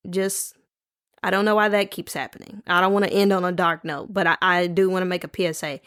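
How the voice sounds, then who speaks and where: A woman's voice: lowish voice, flat delivery, brisk, a bit bright, no echo, studio quality. A woman hosting a casual solo podcast, rambling playfully and calling listeners baby and y'all. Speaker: podcast host. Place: home, recording at night.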